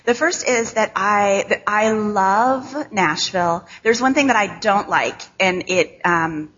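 A woman in her thirties from Chicago with a nasal American Midwest accent, giving a candid, self-deprecating talk to a church audience with many ums and halting restarts. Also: mid-range voice, fairly bright tone, breathy edge, lo-fi sound. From Chicago, USA. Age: 30s. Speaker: guest speaker. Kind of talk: conversational speech to a church audience.

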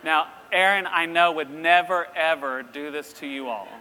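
A middle-aged man preaches in a storytelling way, lively and full of acted-out voices. His voice is bright and forceful, a little higher than most men's, and it rings with long reverb in a big hall over faint room ambience. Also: normal speed, a little hiss or hum. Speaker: university president giving a talk. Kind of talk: storytelling sermon.

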